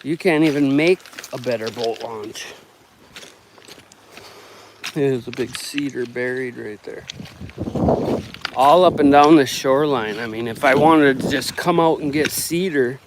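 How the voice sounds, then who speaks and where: A man vlogging outdoors by a lake shore and on a boat, excitable and swearing freely. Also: mid-range voice, a little slow, pauses often. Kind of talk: casual outdoor vlog chat. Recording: wind noise on the mic outdoors.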